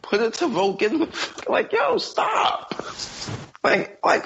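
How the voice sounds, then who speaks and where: Animated gravelly man ranting. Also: very high voice, takes it slowly, pauses often, dull audio, slight background noise. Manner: animated, heated ranting with heavy slang and laughter. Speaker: podcast co-host. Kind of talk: casual podcast chat.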